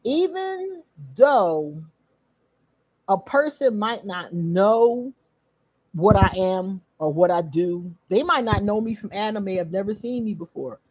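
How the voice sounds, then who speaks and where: A woman hosting her own channel, casually telling a story straight to her viewers, animated, laughing often and swearing freely. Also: mid-range voice, slow, dry recording, highs cut off. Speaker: channel host.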